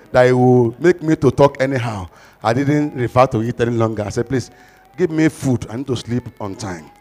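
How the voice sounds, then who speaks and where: A man with a Nigerian accent, a pastor who preaches with stories and then leads loud, fast prayer. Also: fairly high pitch, in a large hall. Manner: tells a story, then prays loudly and fast in bursts. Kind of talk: sermon with storytelling and loud prayer.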